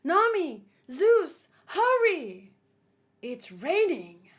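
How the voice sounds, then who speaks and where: A bossy young woman gives urgent commands in a bright, high voice, as a woman reading a manga puts her on. It is a storybook read-along voice with an unhurried pace. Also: big pitch swings, exaggerated voice. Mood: commanding.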